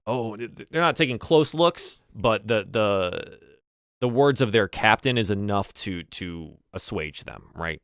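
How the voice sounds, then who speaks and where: A male game master narrates a tabletop game scene, stopping and restarting as he searches for words. His voice is on the low side and smooth. The recording is close and dry. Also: a bit bright, dry recording.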